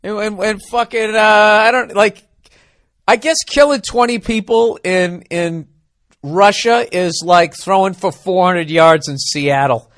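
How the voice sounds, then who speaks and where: A man's voice: sits high, measured pace, fairly bright tone, no echo, clean studio sound. A man hosting a podcast, riffing in a rambling, profane, self-mocking comedic monologue. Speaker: podcast host.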